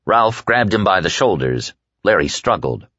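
A man narrating an audiobook in a measured, expressive reading. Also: deep voice, no room sound. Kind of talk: scripted narration. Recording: dull lo-fi dry recording.

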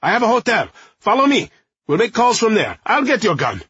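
A man's voice: sits high, very animated, brisk, fairly bright tone, slightly rough, dry recording, dull audio, voice pushed up, full character voice. A man voicing a tall, well-dressed man of some importance, taking charge and urging the group to safety. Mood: urgent.

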